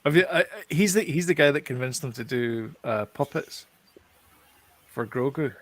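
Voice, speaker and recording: A man hosting a casual podcast chat, animated when he retells things. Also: mid-range voice, moderate pace, no echo. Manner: chatty, animated retelling with quoted voices. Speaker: podcast host.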